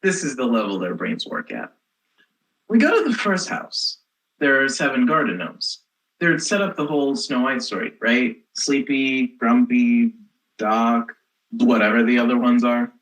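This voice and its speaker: Casting: young actress as a snarky teen girl rebel, sarcastic storyteller, pitch swings widely. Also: lively intonation, unhurried, poor audio. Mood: sardonic. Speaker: student actor. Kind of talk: comic stage monologue.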